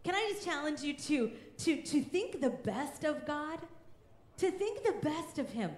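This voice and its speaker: A woman's voice: sits high, very animated, measured pace, darkish tone, reverberant. A woman in her thirties preaching a sermon as pastor, emphatic and fervent, often raising her voice.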